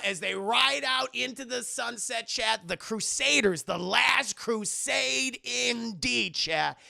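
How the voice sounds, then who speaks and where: A man's voice: very high-pitched, slow pace, vocal fry, few pauses, bright, forceful tone. A young man streaming a casual, jokey movie recap, talking animatedly and acting out scenes. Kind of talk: casual profane chat.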